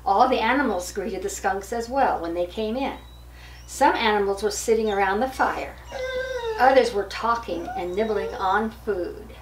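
Grandma reading a picture book to the grandkids, real slow, kinda far from the mic. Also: female voice, mid-range voice, echoey room. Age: older. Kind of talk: storybook read-aloud. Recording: distant mic with faint hiss.

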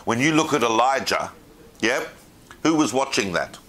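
A man's voice: mid-range voice, moderate pace. A man giving an informal lecture to a class, asking questions of the room and answering them himself. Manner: animated, asks the room questions.

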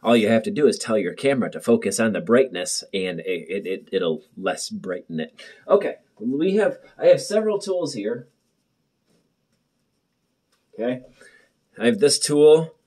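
Speaking to the camera from his home bathroom, this young man is jittery, rambling and full of jokes. His pitch sits fairly low, with a sing-song lilt, normal speed, long pauses and a mellow, slightly rough quality. A muffled built-in camera mic records the casual vlog chat.

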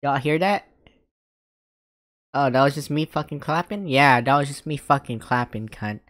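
A woman giving loud, profane, mocking commentary while reacting to a video, often laughing. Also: extremely low pitch, normal speed, dry recording, studio quality.

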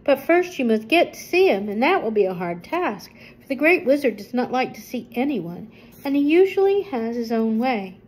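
An older woman voicing a kindly village man who explains things gently, in a storybook reading. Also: fairly high pitch, very animated, normal speed, voice pushed up, poor audio. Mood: explaining. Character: kindly village man, hurt leg, knowing.

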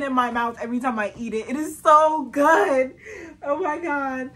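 A young woman talks casually to her camera in a slightly high voice. She tells stories in a loose, chatty way, full of fillers and quick bursts of laughter. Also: expressive, bright, forceful tone, rough recording. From Southern United States. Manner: chatty storytelling, laughs often, many fillers. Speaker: vlogger.

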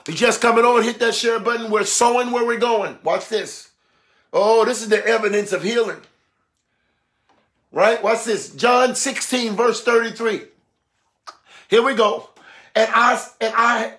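A preacher man with a strikingly high voice delivers a sermon. He swings from ringing shouts and exclamations down to quiet, hushed lines, and he keeps calling on his listeners to respond. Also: animated, normal speed.

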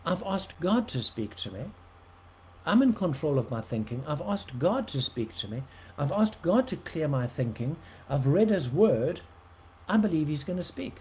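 A man preaching, telling a personal story with animated shifts between loud and soft. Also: on the high side, normal speed, a little hiss or hum, low-quality recording.

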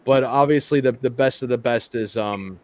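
A man's voice: medium pitch, normal speed, a little mellow. A man hosting a live toy chat stream, talking casually with lots of restarts and stumbles and some casual swearing.

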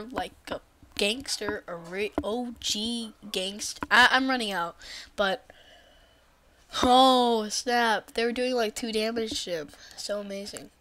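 Brief: unhurried woman gamer, silly rambling commentary, whispered asides. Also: mid-range voice, a little hiss or hum. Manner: bursts into excited shrieks. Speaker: let's play commentator. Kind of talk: gameplay commentary.

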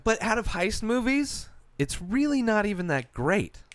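A man talking casually on a podcast, his pitch bouncing up and down as he tosses out blunt opinions laced with swearing. The sound is dry and close, with no room around it. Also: very animated, dry recording. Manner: swears freely, quick offhand opinions. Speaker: podcast co-host. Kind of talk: casual chat.

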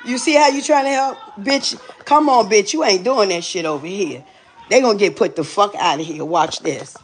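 A woman on a phone livestream in a hotel hallway, loud and profane, repeating the same orders over and over. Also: mid-range voice, lively intonation, a little fast, a little hiss or hum. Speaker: livestreamer intervening in a dispute.

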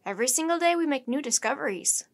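Woman doing a pompous older professor, formal, lecturing, slightly high voice. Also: lively intonation, quick pace.

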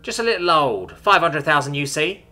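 A man's voice: on the high side, animated, brisk, bright, forceful tone, soft background music, pitched above the performer's own voice. A man voicing a cheeky young female alien thief who talks in brash, slangy sass. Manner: slangy and sassy.

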